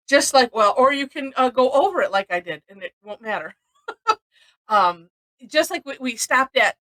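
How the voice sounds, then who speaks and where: A woman's voice: on the high side, fairly bright tone, poor audio. A woman from Missouri teaching a live-streamed drawing lesson, chatty and rambling, often laughing between steps.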